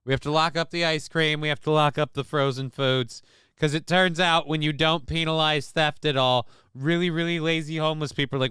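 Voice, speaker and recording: Bright, crisp-voiced sarcastic male streamer. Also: on the high side, fairly even intonation, fairly quick, no echo, clean studio sound. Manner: sarcastic, crude, rambling with fillers. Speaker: live-stream show host. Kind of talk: casual live-stream commentary reading chat.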